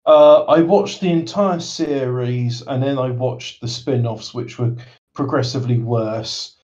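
A man's voice: medium pitch, unhurried, a little mellow. A man chatting casually on a podcast, reading out odd news stories with wry, rambling asides. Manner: wry, rambling, reads headlines aloud with asides. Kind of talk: casual chat. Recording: dull lo-fi sound.

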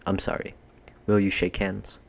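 A man voicing an earnest, decent eldest boy who leads his siblings, in brisk, well-spoken schoolboy talk. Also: sits low, completely flat delivery, vocal fry. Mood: eager.

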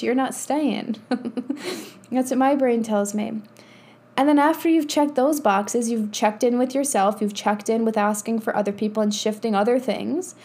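Here a woman in her thirties, working as a podcast host and spiritual coach, offers a casual pep talk. She's blunt, swears freely, and laughs a lot, all in a somewhat high voice that carries a dark tone.

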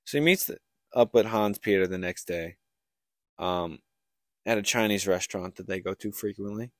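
A young man co-hosts a podcast, casually recapping a book's plot as a rambling storyteller full of likes and restarts. His voice is lowish and his speed normal. The recording is dry and studio quality.

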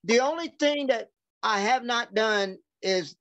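A man's voice: very high voice, measured pace, a bit bright, no room sound. Brief: male wrestler, rambling anecdotal storyteller, salty language, dry, muffled podcast sound. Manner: rambling anecdotes, acts out quoted dialogue, swears freely. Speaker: professional wrestler.

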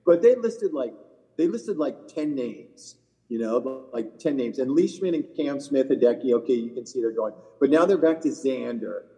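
A man co-hosting a casual golf podcast, spinning long rambling anecdotes with a loose, profane edge. His voice sits warm and dark. The recording rings with a long room reverb. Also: medium pitch, animated, normal speed. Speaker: podcast co-host, PGA Tour caddie. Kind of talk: casual chat, storytelling.

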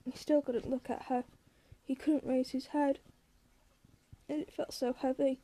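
A woman reading a story aloud as narrator, quiet and measured. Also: sits high, flat delivery. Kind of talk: audiobook reading.

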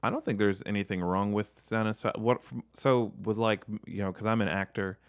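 Podcast co-host, young man, very low voice, unsure and self-mocking, trails off mid-thought. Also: steady tone, fairly quick, clear, resonant tone. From Southern United States. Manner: hesitant, self-deprecating, trails off a lot. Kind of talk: casual chat.

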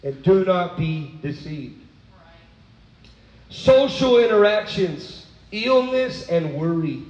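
Animated high-voiced male preacher. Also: slow, roomy sound, highs cut off. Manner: animated, swings from low asides to high exclaiming. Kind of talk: sermon.

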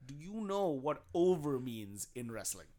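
A man on a podcast, chatting casually and excitedly, swearing and laughing as he explains things. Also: mid-range voice, a little slow. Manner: excited, laughing, swears often, acts out quotes. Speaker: podcast co-host. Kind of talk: casual chat.

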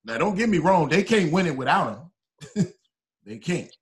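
A man's voice: fairly high pitch, very animated, normal speed. A man hosting a casual group chat, laid-back and joking, often repeating himself. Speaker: podcast host.

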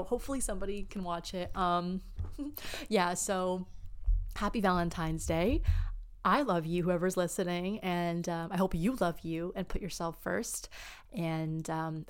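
A young woman hosting a podcast, chatting casually and telling a personal story with lots of filler words. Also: on the low side. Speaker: podcast host. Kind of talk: casual chat.

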